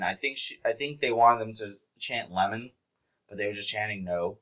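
A male co-host on a casual wrestling podcast animatedly recaps what happened on the show, laughing and slipping into quoted voices. He talks briskly in a fairly low-pitched voice.

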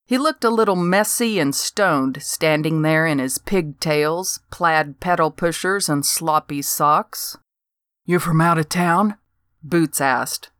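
A woman's voice: sits low, takes it slowly, hardly any pauses, a bit bright, clean tone, no echo. An older woman reading a first-person story aloud with dry, wry humor. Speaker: narrator.

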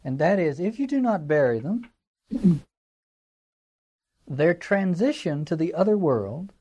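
A man's voice: on the high side, very animated, slow, mellow. A man giving a classroom lecture in a conversational, digressive way, with fillers and wry asides. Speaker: teacher.

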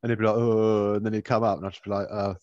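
A man's voice: fairly low pitch, flat delivery, racing, darkish tone, dry recording, muffled recording. A man co-hosting a podcast in casual chat, laid-back and swearing, laughing often. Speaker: podcast co-host.

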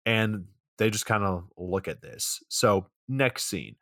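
A man with a low voice recaps a film's plot for a comedy podcast, swearing casually and keeping a dry delivery. The sound is close and dead, with no room around it. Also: slow pace, a bit bright, no echo. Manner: dry, profane plot-summarizing. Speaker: podcast co-host.

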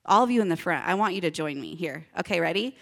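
A woman's voice: fairly low pitch, expressive, fast, vocal fry, fairly bright tone. A woman giving a children's sermon, upbeat and asking the kids to repeat lines back to her. She is a parent. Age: adult parent. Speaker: children's church teacher.

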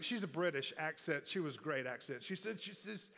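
A man's voice: fairly high pitch, lively intonation, fairly quick, hardly any pauses, bright, forceful tone. A middle-aged male pastor preaching a sermon in a folksy, rambling way with many restarts. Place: church sanctuary. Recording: long hall reverb.

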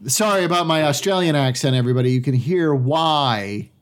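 A man's voice: a little high, fairly quick. A man from Massachusetts, an actor, talking bluntly in casual chat and swearing often. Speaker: actor, podcast co-host.

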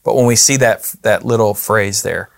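A man's voice: fairly low pitch, normal speed, creaky, no echo, studio quality. A man co-hosting a casual Bible discussion, talking in a loose, conversational way with frequent restarts and asides. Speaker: Bible study co-host.

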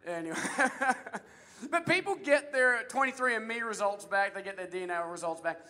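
A male pastor preaching a humorous, energetic sermon and quizzing the congregation. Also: high-pitched, brisk. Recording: echoey hall reverb.

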